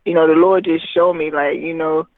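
A man's voice: a little high, flat delivery, moderate pace, no echo. A man who is a recording artist, giving a rambling personal testimony full of fillers. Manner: rambling, heavy with fillers like "you know what I mean". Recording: tinny phone line, dry.

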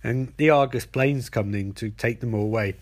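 A man rambles through a comic recap, joking and restarting often. His voice sits at a middle pitch. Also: a little fast.

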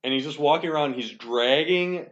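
A man's voice: fairly high pitch, moderate pace, fairly bright tone. A young man hosting a casual podcast chat, telling a rambling, profane, self-deprecating story. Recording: dull lo-fi sound.

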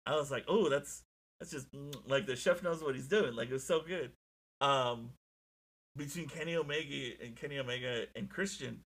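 A young man talking casually on a podcast at a middle pitch. He tells stories with excited, animated energy and swears freely, jumping between thoughts. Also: normal speed. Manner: excitable, profane, animated storytelling. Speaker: podcast co-host. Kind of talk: casual chat.

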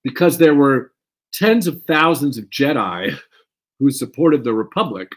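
A man co-hosting a fan podcast, talking in an animated, rambling way and swearing freely. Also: medium pitch, measured pace. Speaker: podcast co-host. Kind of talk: casual fan chat.

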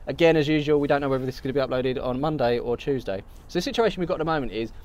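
A man's voice: mid-range voice, rapid-fire, a little mellow. A man with a Birmingham accent co-hosting a casual football chat show, talking in a chatty, bantering way. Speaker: podcast co-host.

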